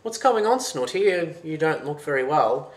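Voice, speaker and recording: An eager young apprentice boy, higher and bright, keen and hurried, with a lilt as a storyteller puts him on. The sound is roomy, with a clear echo around it. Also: expressive.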